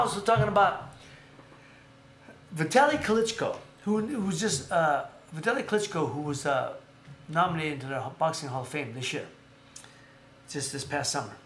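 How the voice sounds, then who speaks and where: A fairly high-pitched man hosts a casual live stream about boxing, telling rambling, animated stories and often correcting himself. The room is echoey, with faint background noise.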